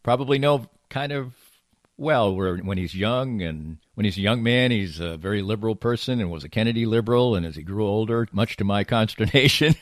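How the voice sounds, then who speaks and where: A man's voice: fairly low pitch, fairly quick, no room sound, clean studio sound. An older man from the Boston area with a faint Boston accent, a broadcaster reminiscing in a rambling podcast monologue from his home office. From Boston area, USA. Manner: reminiscing, rambling with frequent uh and restarts, quiet at times. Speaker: podcast host and play-by-play broadcaster. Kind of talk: personal reflective podcast monologue.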